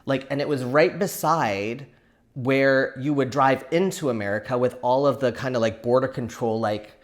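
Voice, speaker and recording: A man hosts a relaxed crafting vlog, spilling a long story in a loose, chatty way. He laughs often and leans on "like" and "um" as he talks. His pitch sits in a middling range for a man. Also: normal speed. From Canada. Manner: animated, laughing, frequent "like" fillers.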